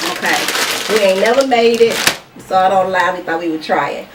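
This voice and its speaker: A woman's voice: mid-range voice, moderate pace. A woman hosting a mukbang video, chatting casually and colloquially as she eats, laughing often. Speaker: mukbang host. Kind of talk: casual chat while eating. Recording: roomy, distant mic with loud background noise.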